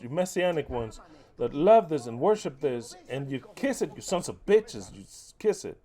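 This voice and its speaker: A man's voice: a little high, big pitch swings, normal speed, dark tone. A man preaching a heated sermon, mocking and cursing as he fires off rhetorical questions. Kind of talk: impassioned sermon.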